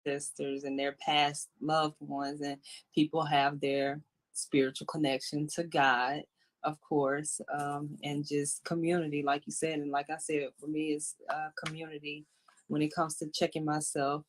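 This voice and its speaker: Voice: medium pitch, flat delivery, measured pace. Co-host, casual podcast talk, earnest and reflective, middle voice. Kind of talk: casual chat.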